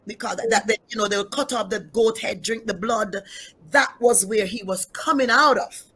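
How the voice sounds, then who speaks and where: A woman's voice: mid-range voice, moderate pace, bright, forceful tone, slightly rough. A middle-aged woman pastor telling her personal testimony in an interview, emphatic, repeating key phrases and speaking straight to her listeners.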